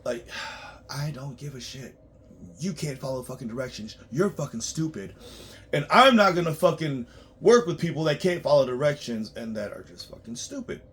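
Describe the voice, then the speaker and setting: A man working as a tax preparer, ranting bluntly and profanely in a monologue, swinging between loud outbursts and low muttering. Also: sing-song, normal speed, slight background noise.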